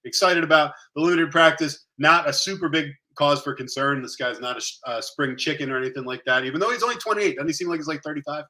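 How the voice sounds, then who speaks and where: A man co-hosting a fantasy football show in a relaxed, chatty, conversational way. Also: fairly high pitch, fast talker, few pauses. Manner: chatty, conversational, uses fillers and tangents. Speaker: fantasy football podcast co-host. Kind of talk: casual sports analysis chat.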